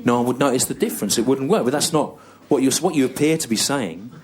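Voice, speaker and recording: A man in his thirties with an English accent, telling a long story on stage in a slow, halting deadpan style full of pauses and repetition. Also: mid-range voice. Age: 30s. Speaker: stand-up comedian. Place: comedy venue on stage with audience laughter.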